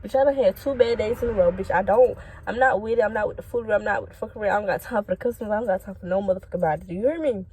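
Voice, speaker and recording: A woman's voice: medium pitch, very fast, hardly any pauses, slight background noise. A young woman telling a casual, profane story about quitting a job, talking straight to her viewers. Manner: blunt, profane, animated, talks straight to viewers. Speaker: storytime vlogger.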